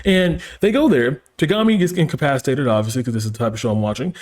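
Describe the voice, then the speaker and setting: A man hosting a casual plot recap. He talks in an animated, sarcastic way, swears freely and slips into quick mock voices for the characters. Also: medium pitch. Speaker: anime recap host.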